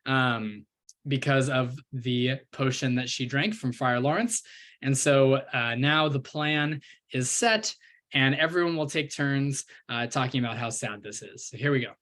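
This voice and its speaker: A man's voice: mid-range voice, unhurried, a bit bright. A man teaching a play, explaining scenes in a casual way with many fillers. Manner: chatty, full of fillers.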